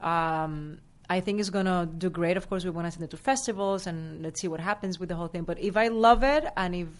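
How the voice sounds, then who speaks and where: A woman from Rico, a guest telling an animated story in a casual interview, acting out what people said. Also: fairly low pitch. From Puerto Rico. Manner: animated, acts out quoted dialogue, fast bursts. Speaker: actress and guest.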